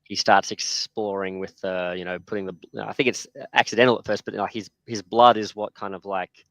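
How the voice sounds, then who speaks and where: A man's voice: fairly low pitch, level tone, fairly quick, fairly bright tone, no room sound. A man hosting a casual chat, rambling with many fillers and restarts. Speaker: podcast host.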